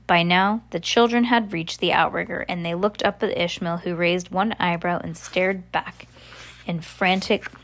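A woman's voice: fairly low pitch, steady tone, moderate pace, a bit bright. A woman reading a novel aloud in an unpolished way, stopping now and then to correct her own slips. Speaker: audiobook reader.

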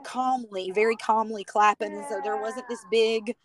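A woman's voice: fairly high pitch, fairly even intonation, normal speed, a crowd in the background. A woman from the United States telling her personal story as a guest on a podcast, chatty and heartfelt, with lots of "you know" and "like".

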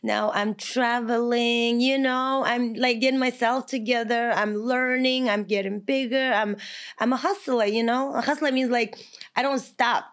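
A woman, telling her life story as a podcast guest in lively, broken English. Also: on the high side, moderate pace. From Kazakhstan. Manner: animated, laughing, broken English. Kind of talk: casual interview storytelling.

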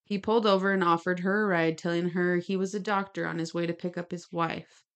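Woman w a lowish voice reading true crime notes for a podcast, chatty little asides, talks w her hands. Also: steady tone, fairly quick, fairly bright tone. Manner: gestures while talking. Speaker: podcast co-host. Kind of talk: casual true-crime storytelling.

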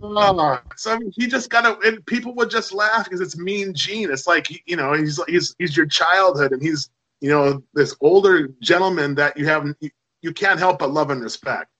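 A middle-aged man with a bright, forceful voice that sits a little high for a man. He tells chatty anecdotes full of fillers, in a relaxed conversational flow. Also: moderate pace, rough recording. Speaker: podcast guest. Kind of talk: casual storytelling.

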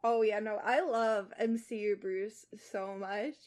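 A woman's voice: mid-range voice, fairly even intonation, unhurried, a little mellow. A young woman podcast co-host reading fan fiction aloud and chatting animatedly, full of fillers.

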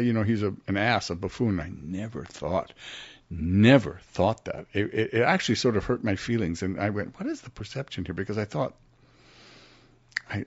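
An older man, a guest actor, telling stories in a casual interview and acting out the quotes with big jumps in pitch. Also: vocal fry, dry recording. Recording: dry, slightly muffled studio audio.

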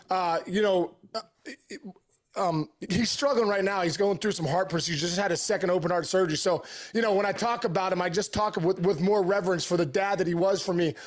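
A man's voice: sits high, moderate pace. A middle-aged man, a podcast guest, telling a story in eager, earnest conversation, often restarting his sentences.

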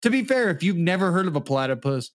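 A man's voice: high-pitched, sing-song, quick pace, slight background noise. A man co-hosting a podcast in casual chat, joking, swearing and laughing as he reads facts aloud. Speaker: podcast co-host.

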